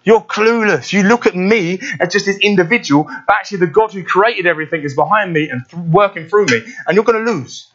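A man's voice: high voice, fairly quick, fairly bright tone, dull audio, voice pushed up. A man preaching who acts out a young male shepherd taunting a giant in a bold, emphatic voice. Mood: defiant.

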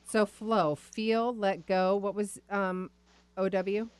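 A woman hosting an interview, warmly encouraging, with many short affirmations. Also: medium pitch, fairly even intonation, slow pace, a little hiss or hum. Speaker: interview host. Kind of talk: conversational interview.

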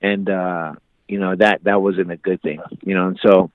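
A man's voice: low voice, little pitch movement, moderate pace, no room sound. A man casually telling a personal story, rambling with many fillers and restarts. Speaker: guest telling his life story. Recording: tinny phone-like line, dry.

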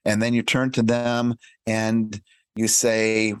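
A man's voice: fairly low pitch, monotone, slow, clear, resonant tone, no echo. A man speaking as a podcast guest, giving earnest, conversational advice and acting out short exchanges to make his point. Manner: earnest, explains by acting out little dialogues.

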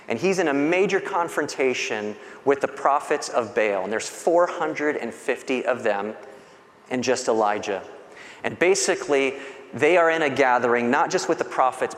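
A man pastor giving a sermon, retelling scripture stories with animated, conversational delivery. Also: medium pitch. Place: church sanctuary. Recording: long hall reverb.

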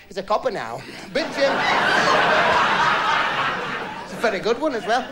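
A man's voice: high-pitched, big pitch swings, a little slow. A man doing a stand-up comedy routine, telling jokes in broad dialect and acting out the lines of the people in them. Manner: broad dialect storytelling, acts out characters' lines. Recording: live club recording, loud crowd laughter and noise.

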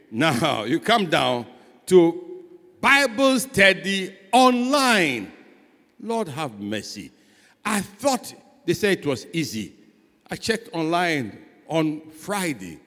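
A man, a pastor preaching a sermon, swinging between loud and soft and asking rhetorical questions. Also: mid-range voice. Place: church hall. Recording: long church hall reverb.

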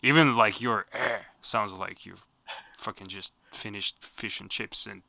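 A man with a Russian accent speaking English as a second language, animated and swearing casually in chat. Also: lowish voice, measured pace, vocal fry, no room sound.

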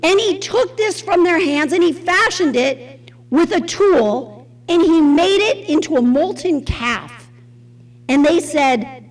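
Woman Bible teacher, high-pitched and very lively, conversational and expressive. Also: takes it slowly, rough recording. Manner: expressive and conversational, asks the audience questions.

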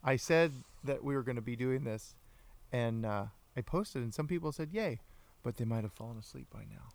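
A man's voice: medium pitch, fairly quick, vocal fry. A man hosting a casual livestreamed podcast, chatty and playful, greeting viewers by name. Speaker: podcast host.

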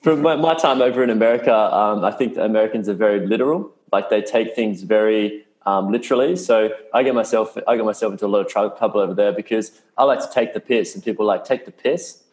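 A man's voice: on the low side, quick pace, few pauses, a little mellow. A young Australian man talking as a podcast guest in a loose, sarcastic, laid-back way, swearing freely. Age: young adult. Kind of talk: casual interview chat. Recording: roomy echo.

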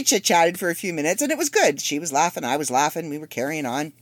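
A woman's voice: sits low, expressive, fast talker, few pauses, no echo. A woman in her fifties hosting a solo podcast, chatty and rambling with wry asides. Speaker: podcast host. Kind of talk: casual solo podcast monologue.

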